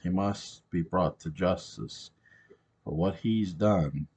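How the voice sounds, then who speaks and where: A man voicing a mother who speaks solemnly to her son, slow and measured. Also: deep voice, a little mellow, breathy edge, heavily acted.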